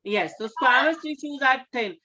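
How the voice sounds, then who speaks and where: A woman science teacher giving a classroom lecture, often pausing to check in with her students and repeating key terms. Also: high-pitched, lively intonation, sharp tone, muffled recording. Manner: keeps checking with questions, repeats key words.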